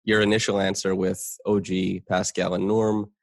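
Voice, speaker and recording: Low-voiced man hosting a podcast, dry sound. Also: little pitch movement, moderate pace, creaky, no echo. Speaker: podcast host. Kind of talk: casual podcast interview.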